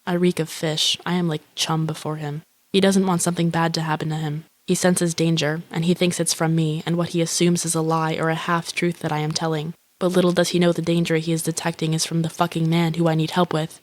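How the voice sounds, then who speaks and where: An actress plays a lonely, grandiose young woman musing in a flat, deadpan inner-monologue voice-over. Her voice is a touch low and barely rises or falls, and it sits close and dry. She swears casually and sounds self-absorbed. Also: brisk, hardly any pauses, no room sound, natural voice. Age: young adult.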